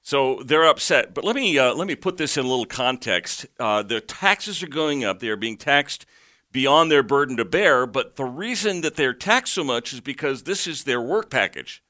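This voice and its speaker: A man's voice: medium pitch, lively intonation, moderate pace, pushed and bright. A man co-hosting a talk radio show, explaining news stories with opinionated context. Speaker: radio co-host.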